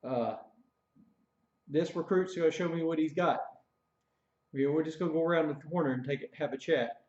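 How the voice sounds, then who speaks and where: A man voicing a loud, aggressive male army drill sergeant who taunts a recruit. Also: on the high side, normal speed, natural voice. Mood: taunting. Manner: yelling, taunting, bullying. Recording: dull echoey room recording.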